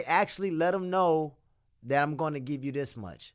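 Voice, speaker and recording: A man from Detroit, a guest actor in a casual interview, telling a story with slang and acting out the quotes, his voice jumping up when he gets excited. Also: normal speed, smooth. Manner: animated, acts out quotes and slang, voice jumps high when excited.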